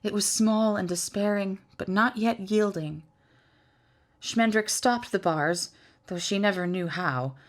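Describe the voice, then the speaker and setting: In a mid-range voice, a woman narrates a fantasy book aloud, her delivery deliberate and full of storytelling expression.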